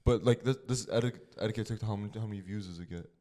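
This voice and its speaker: A man's voice: lowish voice, racing, warm tone. A young adult man co-hosting a casual podcast, laid-back, reacting with short replies and questions. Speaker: podcast co-host.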